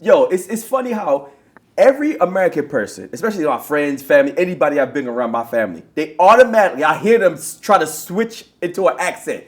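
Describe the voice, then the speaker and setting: A man co-hosting a podcast, his voice pitched high and swinging widely as he rants. He swears freely and mocks what he is watching, in loose, casual banter. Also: expressive, quick pace. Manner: profane, mocking rants. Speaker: podcast co-host.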